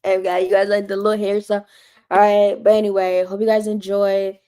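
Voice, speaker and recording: A woman's voice: mid-range voice, little pitch movement, brisk, dark tone, clean tone. A woman chatting casually on her own livestream, retelling a conversation with lots of "like" fillers. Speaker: Christian livestreamer.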